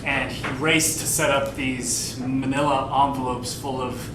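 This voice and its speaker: A man's voice: flat delivery, unhurried, natural voice. An actor playing a bitter, profane man telling a rambling, sardonic family story to a live theater audience. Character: bitter, foul-mouthed grown man confiding a family story. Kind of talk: live stage play monologue to the audience. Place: theater stage. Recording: echoey live theater, far from the mic, rumbling noise.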